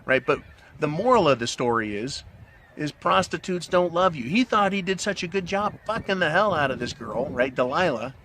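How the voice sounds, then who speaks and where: A fairly high-pitched, fairly bright voice belongs to a middle-aged commentary channel host, with some background noise present. Smoking a cigar, he rambles crudely and bluntly into the camera, frequently tossing in "right?"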